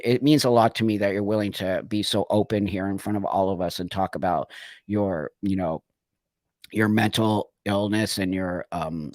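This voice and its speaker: A man's voice: on the low side, no echo. A man in his sixties hosting a live stream, talking emphatically and reading viewers' comments. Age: 60s. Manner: emphatic, conversational, acts out quoted voices, laughs. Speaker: host.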